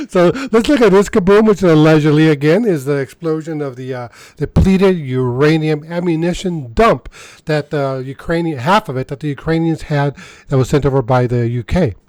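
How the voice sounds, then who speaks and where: A man's voice: fairly high pitch, a little mellow, no echo. A man hosting his own channel, giving casual news commentary in a rambling, sarcastic way with frequent laughter and restarts. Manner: mocking and sarcastic, laughs often; rambling, restarts mid-sentence. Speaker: channel host.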